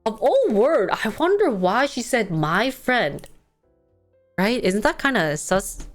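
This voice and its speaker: A woman's voice: fairly high pitch, very animated, takes it slowly, soft background music. A woman hosting a talk show, telling a story casually with lots of fillers and acted-out quotes. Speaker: host.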